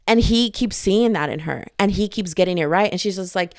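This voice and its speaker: A young woman gushes about a novel in an excitable, chatty way, now and then slipping into the characters' voices to act out scenes. Her voice sits at an ordinary middle pitch. The sound is close and dry, with no room around it. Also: a little fast, hardly any pauses, no room sound. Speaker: book vlogger. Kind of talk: casual book chat.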